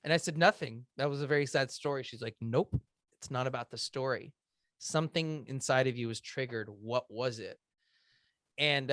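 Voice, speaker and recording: Halting frequently with "um" and starting over, a podcast guest in his thirties shares a heartfelt personal story in earnest. His voice is medium-pitched and slightly bright, with no echo.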